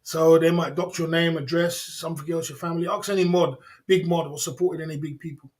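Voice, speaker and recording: A man's voice: on the high side, fairly even intonation, brisk, darkish tone. A man hosting a livestream, talking casually and emphatically, repeating himself and laughing often. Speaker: livestream host.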